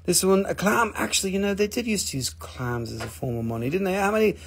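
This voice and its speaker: A man sells crystals on a live stream and keeps up a steady run of silly jokes with his buyers. His voice sits high and has a gravelly, crackly edge. He teases, counts buyers down, and lets his pitch jump suddenly when he gets excited. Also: quick pace. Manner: goofy, teasing, jumps into high excited squeals. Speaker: host of a live online rock and mineral sale. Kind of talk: joking live-stream sales banter.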